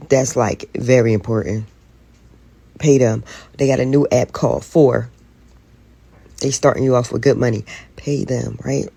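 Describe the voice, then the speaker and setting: A woman's voice: extremely low pitch, creaky, dark tone, breathy edge, dry recording. A woman venting to camera in a weary, profane way about being tired of adult life.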